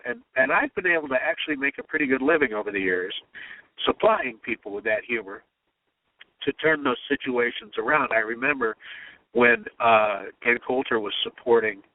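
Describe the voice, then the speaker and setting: A man's voice: medium pitch, normal speed, dry recording. A man who writes political humor, telling anecdotes and mimicking the people he quotes. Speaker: comedy writer. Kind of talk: storytelling interview talk. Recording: tinny phone-line sound.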